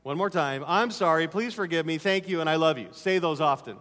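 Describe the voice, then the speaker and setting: A middle-aged man pastor preaching a sermon, emphatic, repeating key phrases and dropping to quieter asides. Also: fairly high pitch, lively intonation, brisk. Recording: long hall reverb.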